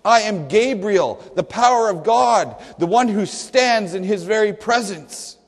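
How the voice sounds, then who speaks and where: A man voicing a commanding male archangel, declaiming slowly and emphatically in a reverberant hall. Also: sits high, expressive. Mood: emphatic.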